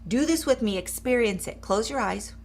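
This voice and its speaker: A woman's voice: fairly high pitch, lively intonation, normal speed, slight background noise. Upbeat, encouraging woman coach. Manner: upbeat, encouraging, talks directly to viewers; guides a short eyes-closed exercise in a softer voice. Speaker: mindset coach. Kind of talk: live coaching demonstration.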